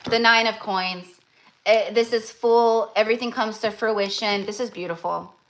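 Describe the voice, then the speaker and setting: On a live stream, a young woman reads tarot in a gushing, effusive way, full of fillers and restarts. Her voice is medium in pitch with a steady tone, and she speaks at a moderate pace.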